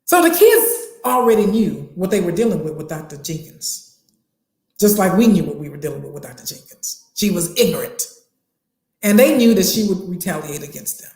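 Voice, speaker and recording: A woman's voice: medium pitch, fairly quick, reverberant. A woman telling a personal story from her time as a teacher and coach, acting out the dialogue as she goes. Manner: animated retelling with acted dialogue.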